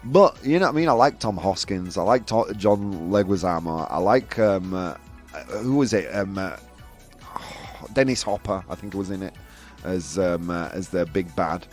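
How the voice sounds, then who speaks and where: A male host running a live-stream chat show, talking in an animated, provocative way and laughing often. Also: low voice, moderate pace, soft background music.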